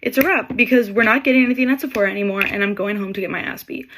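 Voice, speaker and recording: A woman's voice: mid-range voice, racing, noisy background. A young woman casually telling a story from her retail job, acting out what each person said. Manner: chatty, acts out customers' lines in quotes. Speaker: Sephora employee telling a story.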